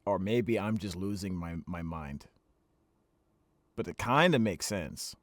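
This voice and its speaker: A man's voice: deep voice, takes it slowly, no echo. A man co-hosting a comedy stream, riffing in goofy, rambling asides. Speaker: co-host. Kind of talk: casual comedic banter.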